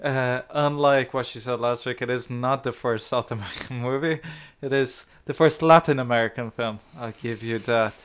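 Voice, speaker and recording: A man co-hosting a relaxed film podcast, his voice sitting at an ordinary pitch. He teases his co-host playfully and sounds out foreign names with care. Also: normal speed, hardly any pauses, clear, resonant tone. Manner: playful teasing, reads credits with Spanish pronunciation. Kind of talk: casual film podcast chat.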